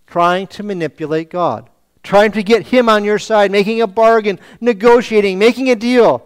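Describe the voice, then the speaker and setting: Man, pastor, sermon, rhetorical questions, high voice, clear resonant tone. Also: normal speed. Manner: preaching with rhetorical questions, acting out voices of the people.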